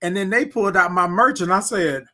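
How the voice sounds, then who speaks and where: A man with a notably high voice hosts a relaxed morning livestream. He chats easily with viewers and reads their comments aloud. He keeps tagging his lines with "right?" and "y'all.". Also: brisk. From Houston, Texas. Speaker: host. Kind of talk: casual livestream morning chat. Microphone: desk microphone he can move aside.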